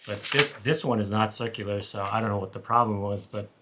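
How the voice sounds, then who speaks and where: A man who once taught high school math, co-hosting a casual chat and rambling with frequent restarts. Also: fairly even intonation, brisk, heavy background noise. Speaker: former high school math teacher, co-host.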